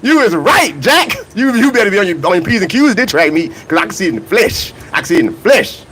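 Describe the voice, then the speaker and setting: A man's voice: high voice, big pitch swings, quick pace, a bit bright, slight background noise, rough recording. A man hosting a casual livestream vlog about track and field, greeting chat viewers by name and talking in loose slang. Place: outdoors near a hotel, humid weather.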